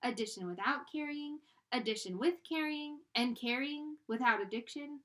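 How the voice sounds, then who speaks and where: A woman's voice: high voice, moderate pace, fairly bright tone, pitched above the performer's own voice. A woman voicing a strict female schoolteacher who speaks firmly and sternly.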